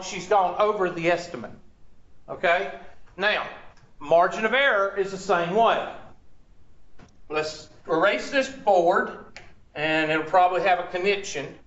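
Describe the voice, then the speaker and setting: Bright-voiced man teaching a class. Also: sits high, roomy sound, highs cut off. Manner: asks the class questions and repeats their answers; chatty, talks to himself over tech trouble. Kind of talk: classroom lecture.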